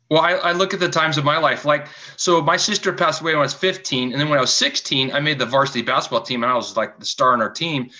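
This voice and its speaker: Guy guest on a podcast, talks fast, bright voice, kinda muffled lo-fi sound. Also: mid-range voice. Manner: animated, acts out quoted dialogue. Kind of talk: storytelling in conversation. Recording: dull lo-fi sound.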